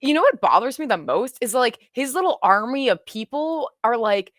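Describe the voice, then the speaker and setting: A woman in casual chat, reacting to a show she is watching for the first time, rambling and excitable, with many restarts. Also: on the high side, normal speed, few pauses, no room sound, studio quality.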